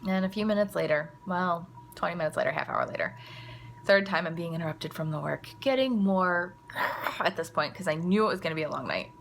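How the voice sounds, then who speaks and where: Woman, low-pitched, gravelly, chatty casual storytelling, a mother talking to camera. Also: fairly quick, a bit bright, a little hiss or hum. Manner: chatty, lots of "like" and "you know". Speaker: mother and vlogger.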